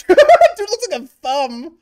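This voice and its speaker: A young man hosting a gaming channel, chatting and swearing freely through a casual let's-play with sudden excited yelps. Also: extremely high pitch, takes it slowly, over a noisy crowd.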